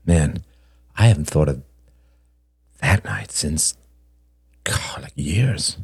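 A man's voice: very deep voice, animated, slow pace, vocal fry, breathy edge, no room sound, clean studio sound, full character voice. A man voicing a numb, bitter man who mutters in a weary, profane way in a storybook reading. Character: bitter, numb grieving man, dark-humored.

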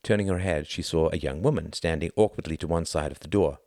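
Deep-voiced man narrating a novel. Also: quick pace, a little mellow, dry recording, clean studio sound. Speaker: audiobook narrator. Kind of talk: scripted narration.

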